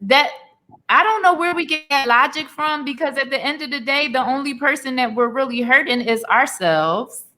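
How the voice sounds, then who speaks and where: Woman in her forties, interview guest, earnest testimony, bright forceful voice, slightly high. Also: moderate pace. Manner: earnest, emotional storytelling with faith language. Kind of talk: candid personal testimony.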